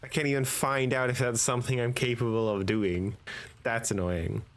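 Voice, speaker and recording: A man's voice: medium pitch, flat delivery, moderate pace. A man thinking aloud while playing a video game, casual and hesitant, often trailing off. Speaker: gamer. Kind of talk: casual let's-play commentary.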